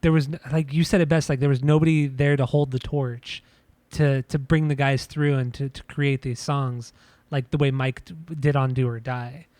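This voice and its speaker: A man co-hosting a podcast, giving a casual album review in halting speech full of restarts and fillers. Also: mid-range voice, flat delivery, darkish tone, no room sound. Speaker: podcast co-host. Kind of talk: casual music review chat.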